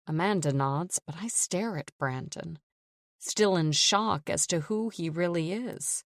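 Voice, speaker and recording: Low-voiced woman narrating a thriller. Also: unhurried, dry recording, clean studio sound. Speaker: audiobook narrator. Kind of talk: first-person thriller narration.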